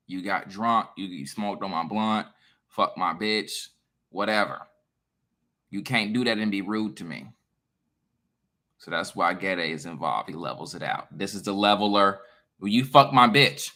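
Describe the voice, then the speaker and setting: A man in a casual monologue to his viewers, emphatic, profane and lecturing, swinging between loud bursts and quiet asides. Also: on the low side. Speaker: online creator.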